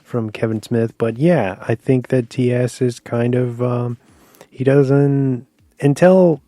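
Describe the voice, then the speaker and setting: Dark-voiced man chatting about a film. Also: mid-range voice, steady tone, slow pace, no echo, clean studio sound. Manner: rambling, searching for words with fillers and restarts. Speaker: podcast co-host. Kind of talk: casual film review chat.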